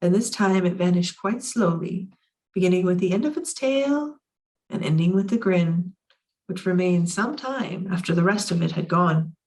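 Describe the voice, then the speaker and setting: A woman reading a children's novel aloud for a library in a lively, expressive way. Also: lowish voice, moderate pace, distant mic. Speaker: library storytime reader.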